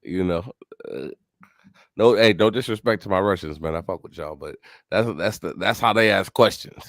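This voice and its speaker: A man's voice: sits low, normal speed, a bit bright, no echo, clean studio sound. Man cracking jokes on a reaction stream, slangy, laughs a lot. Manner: joking, laughs often, slangy. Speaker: co-host. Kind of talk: casual reaction commentary.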